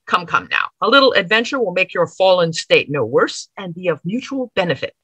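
A woman voicing a lecherous elderly male lawyer with a smooth, condescending manner. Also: on the low side, sing-song, brisk, fairly bright tone, no room sound, full character voice, low-quality recording. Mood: contemptuous.

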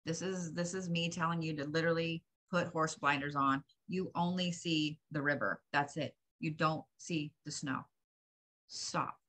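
A woman gives a channeled psychic reading, addressing the listener directly with blunt, profane, emphatic advice. Her voice sits low and is fairly bright, with a steady tone and an unhurried pace.

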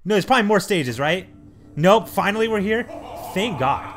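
A young man commentates his gameplay in a rant, swearing at the game characters and breaking into sudden loud outbursts. His fairly high, bright voice swings widely in pitch. Faint music plays behind him. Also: very animated, moderate pace. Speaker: let's play gamer.

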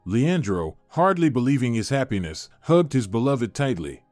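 A man reading a scripted dramatic story aloud as narrator, in an expressive storyteller voice. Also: medium pitch, moderate pace, no room sound, faint music behind.

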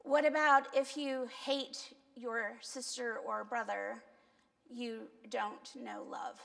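This woman pastor, from Cuba and speaking with a Cuban accent, talks slowly with vocal fry in a fairly high, fairly bright voice and fairly even intonation. Her sermon is conversational and self-deprecating, full of questions for the congregation, and the recording carries church hall reverb.

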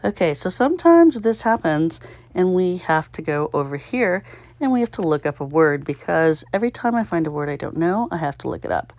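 A woman's voice: lowish voice, very animated, brisk, darkish tone, no room sound. A woman vlogger talking casually to herself while she solves a puzzle, sounding out guesses and laughing at her own mistakes. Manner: self-mocking, thinks aloud, sounds out guesses, giggles. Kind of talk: casual solo commentary while solving.

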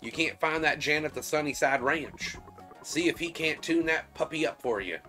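A man's voice: fairly high pitch, moderate pace, pushed and bright, soft background music, voice pushed up. A man voicing a friendly Southern working man with a folksy, drawling Southern US accent.

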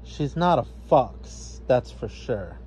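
A man's voice: medium pitch, animated, slow, darkish tone, slight background noise. A man voicing a skeptical, prim girl in a storybook reading. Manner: doubtful, prim. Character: skeptical older-sister girl.

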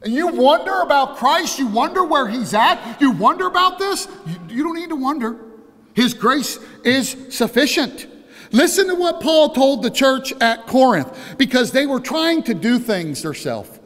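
A male pastor preaching an impassioned sermon that swings from hushed to loud. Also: very high voice, big pitch swings, measured pace, long reverb tail.

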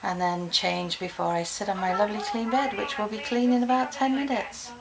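A woman's voice: mid-range voice, steady tone, fairly quick, creaky, crowd noise, rough recording. A middle-aged English woman chatting casually to her viewers in a daily home vlog, rambling from one thing to the next. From England. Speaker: vlogger. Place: at home, indoors.

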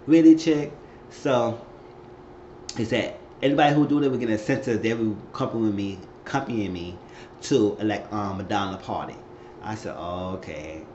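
A man casually recapping a TV episode, acting out the characters' lines with sudden high squeals. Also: normal speed, slight background noise. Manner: animated retelling, acting out quotes with high squeals. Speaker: recap host. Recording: echoey room, dull lo-fi sound.

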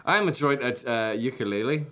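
A man's voice: mid-range voice, lively intonation, moderate pace, fairly bright tone, a little hiss or hum. A man from Northern Ireland, a podcast guest, joking and boasting in casual chat with swearing.

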